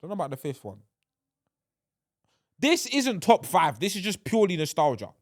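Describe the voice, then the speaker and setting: A man's voice: high voice, huge pitch swings, moderate pace, no echo, studio quality. A young man hosting a podcast, chatting casually and animatedly, often restarting his sentences. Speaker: podcast host. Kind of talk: casual solo podcast chat.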